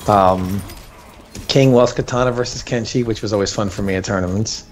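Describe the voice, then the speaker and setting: Fairly low-pitched and a little fast, this co-host speaks against slight background noise. He's animated and laughing as he recounts tournament stories casually, performing the quotes.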